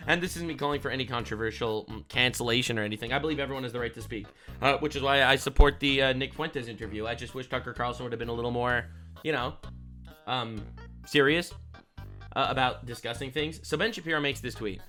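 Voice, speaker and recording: Excitable, bright-voiced young man reacting. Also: medium pitch, quick pace, faint music behind. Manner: excitable, incredulous, loud swings. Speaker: streamer reacting to clips. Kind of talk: reaction commentary.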